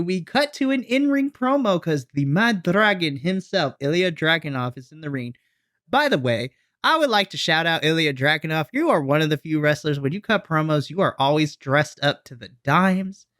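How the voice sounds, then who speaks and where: Excitable bright-voiced man recapping wrestling. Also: a little high, no echo, studio quality. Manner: excitable, animated storytelling with quoted asides. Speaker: podcast co-host. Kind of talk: casual wrestling recap chat.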